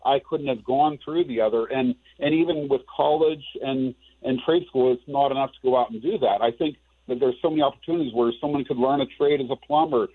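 A man's voice: mid-range voice, fairly quick, hardly any pauses, slightly rough. A man, a business owner, talking earnestly in a casual panel discussion, rambling with restarts. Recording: tinny phone line.

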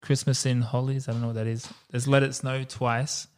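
A man co-hosting a relaxed movie podcast. He talks in quick bursts and laughs often. His voice sits at a middling pitch. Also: clean tone. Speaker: podcast co-host. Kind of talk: casual movie chat.

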